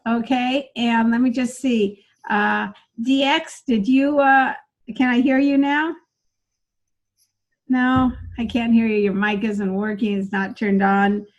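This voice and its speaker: Upbeat woman coaching an online class. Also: a little high. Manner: upbeat, encouraging, chatty with students by name. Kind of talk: live online workshop teaching. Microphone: video call.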